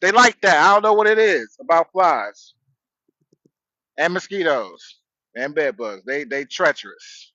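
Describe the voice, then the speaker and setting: A man's voice: on the high side, expressive, a little slow, pushed and bright, no room sound, lo-fi sound. A man hosting a casual livestream from his truck on a headset, rambling in a laid-back way and greeting viewers. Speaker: livestream host. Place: outdoors, in a truck.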